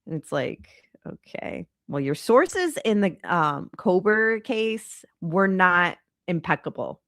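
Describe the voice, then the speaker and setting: A woman's voice: on the low side, very animated, takes it slowly, fairly bright tone, no room sound, studio quality. A congested woman hosting a true crime channel, talking in a chatty, rambling, exasperated way. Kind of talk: casual commentary on a live stream.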